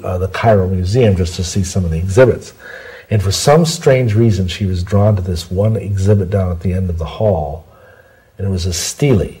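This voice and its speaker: Deep, husky man telling a long story. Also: dark tone, poor audio. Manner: rambling, digressive explanations. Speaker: interview guest. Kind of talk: long-form interview, storytelling.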